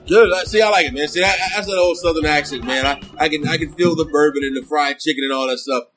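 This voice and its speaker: A man's voice: on the high side, quick pace, music in the background. A man hosting a podcast from a brewery taproom. He chats casually and playfully and calls his guest "man" all the time. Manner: lively, playful, says "man" often. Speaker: podcast host. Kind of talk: casual interview chat.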